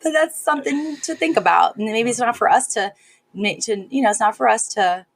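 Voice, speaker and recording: A woman's voice: fairly high pitch, expressive, a little fast, gravelly. A woman co-hosting a podcast in casual chat, talking in a chatty, self-interrupting way and laughing often. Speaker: podcast co-host.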